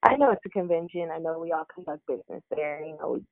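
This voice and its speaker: A young woman wrestler, a guest in a casual interview, telling lively stories, laughing and acting out what others said. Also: sits low, quick pace, dry recording. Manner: animated, laughs often, acts out quotes. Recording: dry narrow phone-like line.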